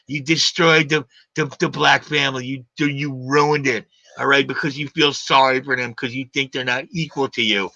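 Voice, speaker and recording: A man's voice: mid-range voice, vocal fry, sharp tone, dry recording. A man hosting a live stream, ranting combatively in a heated argument and hammering his points with repeated questions. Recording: dull lo-fi stream audio.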